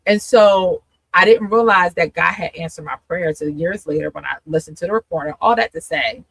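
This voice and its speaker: Bright-voiced woman sharing an emotional testimony. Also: on the low side, fairly quick, vocal fry, husky, dry recording, rough recording. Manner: emotional, laughing often, acting out her own past voice. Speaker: host and coach. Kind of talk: candid testimony in a live conversation.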